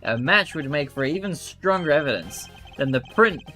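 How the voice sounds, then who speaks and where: A cool, composed prosecutor, read by a man, formal and measured. The voice has lively pitch. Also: soft background music.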